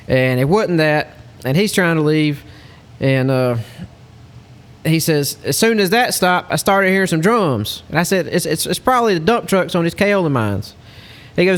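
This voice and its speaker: A man, a hunting lodge guide, telling a story in a casual, animated way. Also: on the high side, normal speed. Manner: animated storyteller, Southern-style speech.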